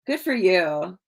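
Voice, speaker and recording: A woman chats with her viewers on a livestream in a loose, rambling way. She starts phrases over and over and fills the gaps with "like" and "you know". Her voice sits a little on the low side. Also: breathy edge. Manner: rambling, repeats words, many fillers. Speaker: livestream host. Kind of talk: casual livestream chat.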